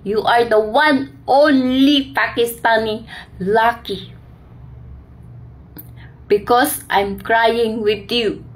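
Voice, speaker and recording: A woman's voice: high-pitched, fairly even intonation, takes it slowly. A Filipina woman with a Filipino accent, vlogging an emotional monologue in broken English mixed with Tagalog and pleading with an absent man. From Philippines. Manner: pleading, heartbroken, addresses an absent man directly. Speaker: overseas worker vlogger. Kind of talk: emotional direct-to-camera monologue.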